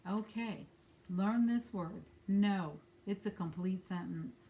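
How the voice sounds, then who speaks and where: A woman's voice: medium pitch, slow, dark tone. A woman giving a spiritual angel-card reading at home, talking candidly and swearing now and then. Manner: candid, blunt, swears casually. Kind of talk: spiritual guidance talk. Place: at home with a dog nearby.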